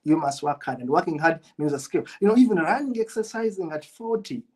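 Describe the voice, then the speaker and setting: A man's voice: a little high, lively intonation, brisk, darkish tone, breathy edge, low-quality recording. A middle-aged man, a business coach, giving a motivational masterclass and repeating his key points for emphasis. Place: United Kingdom.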